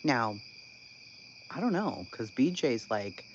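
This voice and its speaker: A man talks slowly and casually about online drama. He sounds incredulous and animated and laughs often. The recording is dull and lo-fi, with insects chirping steadily behind him. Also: mid-range voice. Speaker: channel host. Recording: dull lo-fi sound with constant background noise.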